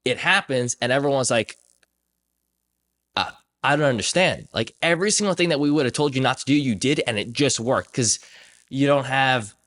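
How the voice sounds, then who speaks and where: At a moderate pace and medium pitch, a young man on his podcast spins casual, animated stories. Whenever someone in the tale speaks, he acts out their voice.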